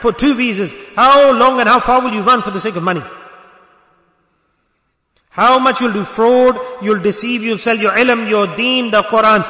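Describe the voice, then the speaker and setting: A man's voice: very high-pitched, normal speed, bright, forceful tone. Male preacher, sermon, exhorting, rhetorical questions, roomy reverb. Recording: echoey hall.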